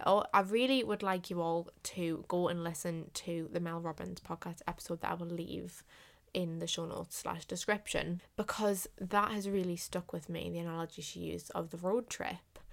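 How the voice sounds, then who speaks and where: A woman's voice: on the low side, fairly even intonation, normal speed, gravelly, no room sound. A young woman hosting her own podcast in a casual solo talk, earnest and often repeating her points for emphasis. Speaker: podcast host.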